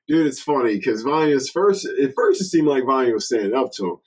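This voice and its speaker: A man's voice: medium pitch, expressive, a little fast, low-quality recording. A young man co-hosting a film review podcast in loose, slangy, profane casual chat, laughing often.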